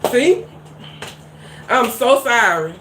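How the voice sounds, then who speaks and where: A woman talks to her live-stream viewers in an easy, chatty way. Her speech is folksy and full of Southern slang. She sounds relaxed and conversational. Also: fairly high pitch, drawn-out words, a little hiss or hum. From Louisiana. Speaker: cooking channel host.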